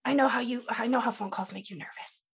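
A woman's voice: on the high side, fast, vocal fry, husky. A woman playing a tabletop role-playing game, talking in a hesitant, rambling way with many fillers. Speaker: player. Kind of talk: in-character tabletop play.

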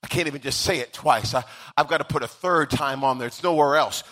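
A man's voice: medium pitch, brisk, a bit bright. A male pastor preaching a sermon, swelling into sung-out, emphatic lines and then easing back into conversational asides.

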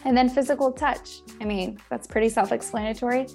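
A chatty woman co-host with a slightly high voice and a gravelly, fry-laden edge. She talks things through casually and acts out little scenes to make her point. Soft music plays faintly behind her. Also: fairly even intonation, fairly quick. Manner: chatty, explains with acted-out examples. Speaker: guest co-host. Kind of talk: casual chat.

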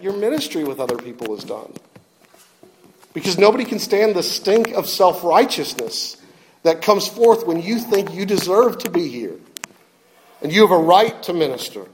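A middle-aged man preaching a sermon, telling a story and swinging between loud appeals and quiet, soft passages. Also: on the high side, slight background noise. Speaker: pastor.

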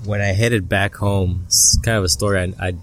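A man telling a personal story as an interview guest, halting and repeating words, recorded outdoors at a family barbecue. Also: on the low side, steady tone, a little hiss or hum. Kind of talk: casual storytelling.

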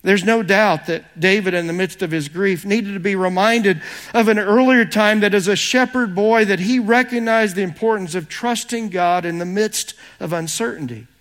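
High-voiced earnest man preaching. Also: moderate pace, a bit bright. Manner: earnest, personal storytelling with scripture readings. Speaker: pastor. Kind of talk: sermon.

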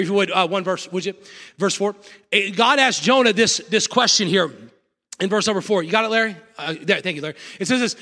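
A man preaching a sermon in church, emphatic and repetitive, with sudden loud bursts. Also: high voice, in a large hall. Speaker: pastor. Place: church sanctuary.

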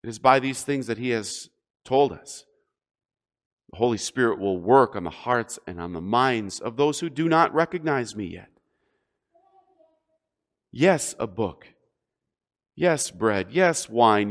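A man's voice: mid-range voice, animated, slow pace, pauses often. A man preaching a sermon as a pastor, emphatic and rising and falling in force.

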